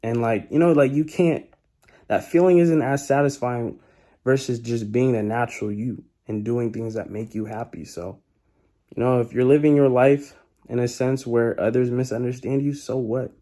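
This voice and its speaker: A young man talks through some life advice in a relaxed, slangy way. His voice sits at a middle pitch with a warm, mellow tone, and he keeps circling back to repeat his main points. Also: normal speed. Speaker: vlogger giving life advice. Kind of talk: casual motivational talk.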